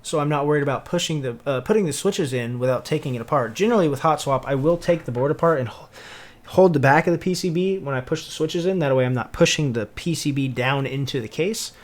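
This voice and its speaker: Higher-voiced Southern man, casual streamer. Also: quick pace. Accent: Southern American (Tennessee). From Tennessee, USA. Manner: laid-back, greets viewers, mutters and hums while working. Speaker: livestreamer. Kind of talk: casual livestream chat.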